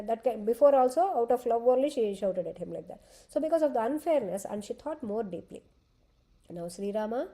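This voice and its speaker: A woman's voice: mid-range voice, warm tone, rough recording. A woman, retelling an ancient epic as a class lesson, explaining patiently and often saying "okay". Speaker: scripture storyteller teaching a class.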